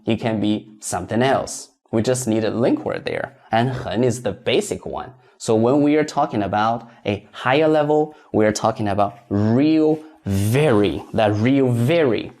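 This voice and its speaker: Man, language teacher, methodical grammar explanation, slow repeated examples. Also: fairly low pitch, a little mellow. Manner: methodical, repeats example sentences slowly twice.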